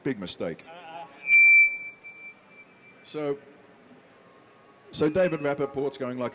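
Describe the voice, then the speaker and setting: A man in an interview, telling a story with plenty of life and slipping into the voices of the people in it. His voice sits in an ordinary middle pitch for a man. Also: takes it slowly, long pauses. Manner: lively storyteller who acts out quotes. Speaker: interview guest, actor. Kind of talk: animated anecdote telling.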